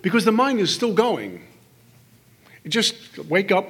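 A middle-aged man speaks to a live audience at a recovery workshop in a hall. His voice sits high and sounds somewhat husky. He tells stories with humor and acts out the voices in his head in quick little scenes. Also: big pitch swings, a bit bright. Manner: storytelling, acts out inner voices with quick asides.

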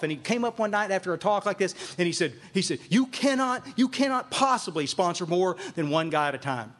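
A man speaking to a meeting audience as a recovery sponsor, emphatic and repeating phrases for emphasis. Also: high-pitched. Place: meeting room with a live audience.

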